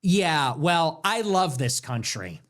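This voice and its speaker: A man's voice: on the high side, very animated, takes it slowly, fairly bright tone. A man in his twenties delivering an impassioned, angry political monologue as a show host, hammering points with repetitive emphatic phrasing.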